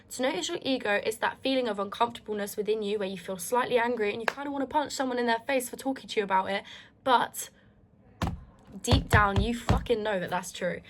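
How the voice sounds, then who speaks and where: A vlogger speaks straight to her viewers in a candid, heartfelt monologue, emphatic and reflective, swearing freely and often restarting her sentences. Her voice is a little high and a bit bright, with slight background noise.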